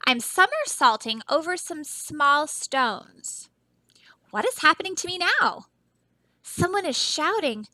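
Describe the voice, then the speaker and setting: A woman teacher reading a children's picture book aloud in a soft, expressive storytelling voice, often stopping to ask her young listeners questions. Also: high-pitched, takes it slowly, dry recording, rough recording.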